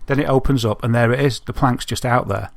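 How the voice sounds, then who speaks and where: A man, co-hosting a podcast and telling an animated story, laughing often. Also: mid-range voice, a little fast, gravelly, dry recording. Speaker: podcast co-host. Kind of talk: casual chat, telling an anecdote.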